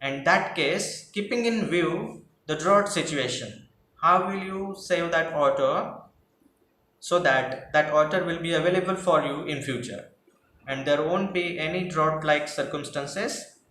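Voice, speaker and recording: A man's voice: a little high, a little slow, pushed and bright. A male teacher, patiently explaining class projects and rephrasing each point. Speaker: English teacher. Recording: echoey room with faint noise.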